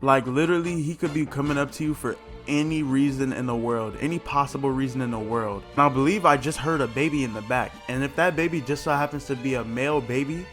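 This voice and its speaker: A man's voice: medium pitch, quick pace, hardly any pauses, a bit bright, faint music behind. A man hosting a reaction video, talking in a blunt, mocking, slangy way. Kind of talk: casual reaction commentary.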